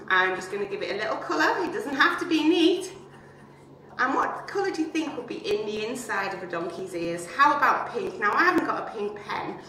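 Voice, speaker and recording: A woman's voice: mid-range voice, sharp tone, a little hiss or hum. A woman showing young children how to make a paper donkey craft, chatty and playful, asking them questions as she works. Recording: very echoey and distant.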